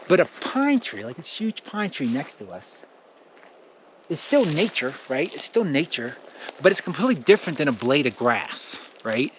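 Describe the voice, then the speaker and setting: A young man talking casually to camera outdoors among trees as a spiritual teacher, animated and acting out reactions in his voice. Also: slight background noise. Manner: animated, acts out quoted reactions with big pitch jumps. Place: outdoors in nature near pine trees.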